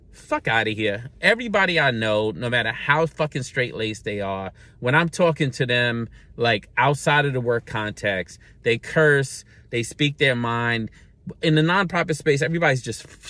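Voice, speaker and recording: A man's voice: medium pitch, moderate pace, a bit bright, no echo. A man hosting his weekly rant, talking bluntly and sarcastically, with plenty of cursing. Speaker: host of a weekly rant show. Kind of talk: unscripted solo rant.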